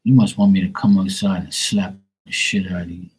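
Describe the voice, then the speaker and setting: A man talking casually to his livestream viewers, blunt and quick to swear. His voice sits low and sounds husky. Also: level tone, a little mellow, poor audio. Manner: profane, blunt, chatty. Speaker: live tarot reader streamer.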